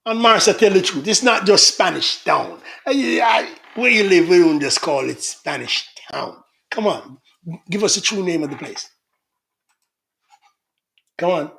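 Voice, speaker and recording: A man's voice: sits high, animated, a little slow, gravelly, bright, forceful tone. A middle-aged man hosting a casual livestream, reading out viewer comments in a chatty, teasing manner. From Jamaica. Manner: chatty, teasing, laughs often.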